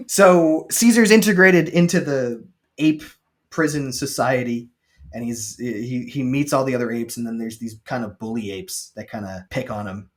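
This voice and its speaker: A man co-hosting a casual podcast, retelling a film with jokes and quick paraphrased lines from its characters. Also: medium pitch. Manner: chatty, joking, quick paraphrased quotes. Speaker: podcast co-host recapping a film. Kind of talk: casual chat.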